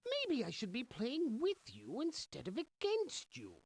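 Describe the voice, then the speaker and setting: Slow, husky game rival, big pitch swoops. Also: female voice, huge pitch swings, exaggerated voice. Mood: musing.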